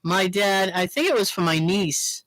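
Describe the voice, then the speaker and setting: Animated, bright-voiced woman chatting. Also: medium pitch, measured pace, no echo, rough recording. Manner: animated, laughs often, chatty. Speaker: podcast co-host. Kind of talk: casual chat.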